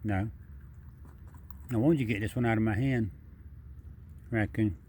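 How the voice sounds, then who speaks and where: A man's voice: fairly low pitch, a little slow, darkish tone, a little hiss or hum. A man narrating a casual vlog outdoors at night, chatty and repetitive, talking straight to the animal while holding the camera. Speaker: wildlife video maker. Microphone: handheld camera.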